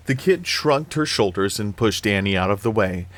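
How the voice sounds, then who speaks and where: A man reading a horror novel aloud in a measured, steady storytelling manner. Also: fairly low pitch. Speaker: reader.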